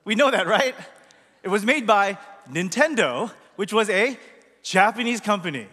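Speaking at normal speed in a high, bright and forceful voice with lively intonation, a male pastor delivers a chatty, conversational sermon. He puts questions to the congregation, and the church hall adds a long, large-hall reverb.

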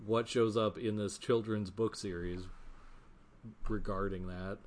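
Man, slow deliberate speech, lowish voice, thoughtful, casual discussion. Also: steady tone, darkish tone, slight background noise. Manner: thoughtful, searching for words.

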